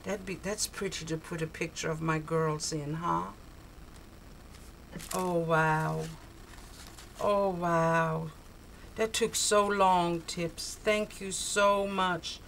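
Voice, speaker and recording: A woman's voice: on the low side, fairly even intonation, slow pace, vocal fry, pauses often, a bit bright, slight background noise, low-quality recording. An older woman opening a craft swap package on her video blog, gushing and exclaiming over each tiny item. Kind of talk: casual unboxing chat. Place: cold home, heater on.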